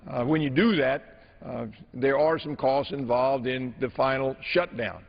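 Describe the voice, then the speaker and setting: A man managing a floor debate as a legislator, speaking in a measured, halting way with many filler pauses. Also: medium pitch, fairly even intonation, creaky. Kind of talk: formal floor debate speech. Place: large legislative chamber. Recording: dull audio in an echoing chamber.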